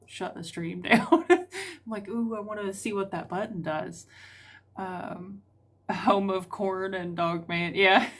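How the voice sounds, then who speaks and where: A woman with a rural Southern US accent hosting a live call-in stream, chatty and rambling with many ums. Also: medium pitch. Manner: chatty, rambling, full of ums and trailing thoughts. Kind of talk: casual live-stream chat.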